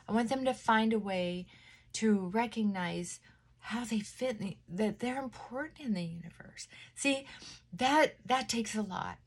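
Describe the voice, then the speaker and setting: A woman vlogging a casual morning chat while getting ready at her mirror at home, talking in a reflective, self-coaching way that moves between brisk, pushy speech and a slowed, softened, almost whispered tone. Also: mid-range voice. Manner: drops to a soft, near-whispered voice at times.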